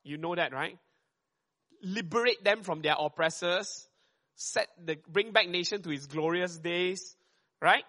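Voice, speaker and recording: Bright, quick-talking man preaching. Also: sits high. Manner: quick and conversational, often checks in with "right?". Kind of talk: sermon.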